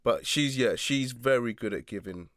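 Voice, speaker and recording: A man, a radio presenter talking as the guest in a casual interview, relaxed and reflective and laughing often, in a small attic studio. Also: mid-range voice, normal speed, no echo.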